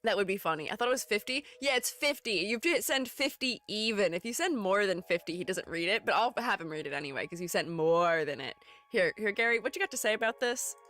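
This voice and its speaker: Young woman, casual live-stream host; animated, chatty, laughs a lot. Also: mid-range voice, fast talker. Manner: chatty, reads chat aloud, laughs often. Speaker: streamer and art educator.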